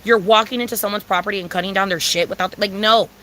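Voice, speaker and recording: A young woman, venting in a fired-up, swearing rant that circles back on itself. Her voice is bright and forceful, with a faint hum of background noise behind it. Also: medium pitch, steady tone, fast talker. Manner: heated, profane, repetitive ranting. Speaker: vlogger. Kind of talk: casual rant to camera.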